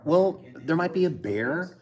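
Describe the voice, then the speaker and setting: A middle-aged man hosts a casual live stream, his fairly high voice lively in intonation and a little slow. He rambles, reads out where viewers are from, and makes dry jokes while a crowd is heard in the background.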